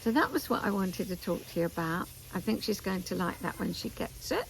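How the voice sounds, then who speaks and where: An older woman hosting a knitting vlog, chatting in a meandering way with asides and pauses, outdoors in a garden. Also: medium pitch, lively intonation, creaky, a little hiss or hum, poor audio. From England. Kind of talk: casual chat to camera.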